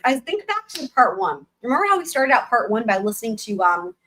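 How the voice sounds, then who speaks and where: A woman's voice: a little high, very animated, a little fast, a bit bright, slight background noise. A woman in her thirties hosting a live stream, reading a book aloud with chatty, sarcastic asides. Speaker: livestream host and reader.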